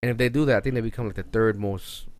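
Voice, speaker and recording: A man's voice: on the low side, fairly even intonation, quick pace, a little mellow, no echo. A young man from the Bronx, rambling and swearing freely in casual podcast chat. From the Bronx, New York.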